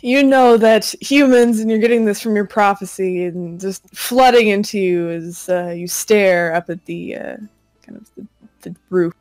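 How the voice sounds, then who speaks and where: A woman's voice: medium pitch, a little slow, a little mellow, dry recording, faint music behind. A woman narrating a tabletop pirate game as game master, describing scenes vividly.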